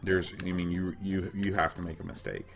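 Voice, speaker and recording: A hoarse, raspy middle-aged man co-hosting a podcast, rambling casually as he plays a retro game. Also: low voice, level tone, fairly quick, slight background noise. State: hoarse, coughing. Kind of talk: casual gameplay chat.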